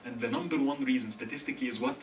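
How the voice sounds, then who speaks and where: Man, animated, echoey hall. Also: medium pitch, rapid-fire. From Egypt. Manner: animated, joking, quizzing the audience with questions. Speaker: speaker at a student religious gathering. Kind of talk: humorous religious talk to an audience. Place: hall with a live audience. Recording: echoey hall, mic far off, faint hiss.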